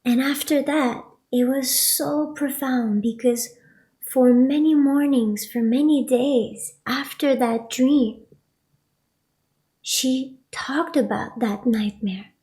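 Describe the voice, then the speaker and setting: A soft-spoken woman with a high voice tells a personal story as a spiritual teacher. She speaks slowly and often sinks into a near whisper. Her tone is warm and mellow.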